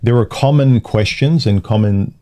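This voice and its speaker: A man's voice: fairly low pitch, moderate pace, mellow. A man hosting a casual livestream, talking in loose, rambling phrases with frequent restarts. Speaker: livestream host.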